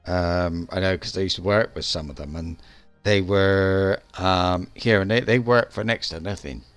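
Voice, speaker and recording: A man's voice: deep voice, moderate pace, clear, resonant tone, dry recording, faint music behind. A man streaming a game live, chatting casually in a rambling, hesitant way with lots of restarts.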